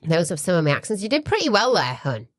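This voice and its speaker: A woman's voice: on the low side, very animated, fast, no room sound, clean studio sound. A woman co-hosting a casual podcast chat, playful and teasing, laughing often and calling her partner pet names. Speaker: podcast co-host. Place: home in Melbourne.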